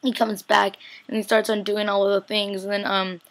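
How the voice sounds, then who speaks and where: A woman's voice: mid-range voice, level tone, moderate pace, a bit bright. A young woman casually recapping a TV episode, chatty and slangy, acting out the characters' lines. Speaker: TV recap vlogger.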